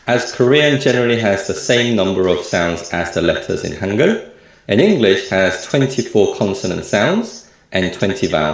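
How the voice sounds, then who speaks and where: A man teaching a recorded lecture, explaining clearly and repeating example words slowly. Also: fairly low pitch, darkish tone, heavy reverb. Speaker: language teacher.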